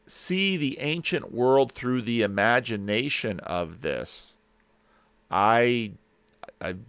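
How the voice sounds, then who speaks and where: A man's voice: mid-range voice, animated, takes it slowly, a bit bright, clean tone, no echo. A man hosting a commentary, reacting to a lecture clip in a musing, digressive way with many restarts. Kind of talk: casual spoken commentary.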